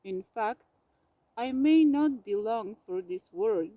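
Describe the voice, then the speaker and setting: Grumpy, melodramatic storybook bear with a cold, put on low by a woman reading aloud; unhurried, pompous. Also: lively intonation, no room sound, lo-fi sound. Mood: grumbling. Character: grumpy, self-pitying male bear with a cold.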